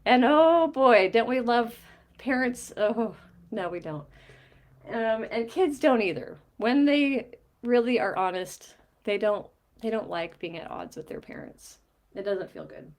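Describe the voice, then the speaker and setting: A woman's voice: fairly high pitch, unhurried. Woman coach retelling a session. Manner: animated storytelling, quoting both sides of a conversation with light laughs. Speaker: mindset coach. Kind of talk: explaining a coaching diagram while recounting a session.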